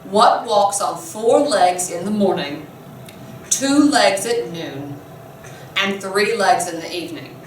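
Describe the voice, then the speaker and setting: A woman voicing a nasty little female sphinx monster who poses her riddle slowly and tauntingly, as part of a classroom storytelling lesson. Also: mid-range voice, animated, slight background noise, voice pushed down. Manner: slow, deliberate, taunting. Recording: echoey room, mic far off.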